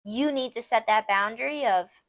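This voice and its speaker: A young woman talks straight to her listeners on a casual advice podcast, with a voice pitched slightly high. She's candid and emphatic and scatters "like" through her sentences. Playful asides keep it loose and personal. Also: moderate pace, dry recording. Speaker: podcast host.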